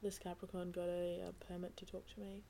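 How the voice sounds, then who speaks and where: Chill young woman podcasting, swears a lot, lowish mellow voice, bit of faint background hum. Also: flat delivery, brisk, gravelly. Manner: laid-back, swears a lot, many fillers. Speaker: podcast co-host. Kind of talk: casual chat.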